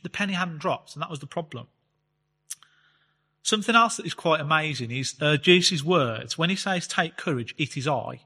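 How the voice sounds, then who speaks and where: Guy doing a bible talk, bright kinda high voice, long echoey hall reverb. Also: husky. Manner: reads scripture slowly, explains in a chatty way with fillers. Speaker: Bible teacher. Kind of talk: conversational Bible teaching talk.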